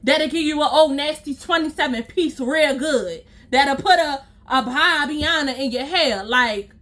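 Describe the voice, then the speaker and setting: A woman's voice: high voice, measured pace, sharp tone. A young woman telling a storytime to her viewers, blunt, profane and exasperated, talking straight to her audience. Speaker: storytime vlogger. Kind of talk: casual storytime rant to viewers.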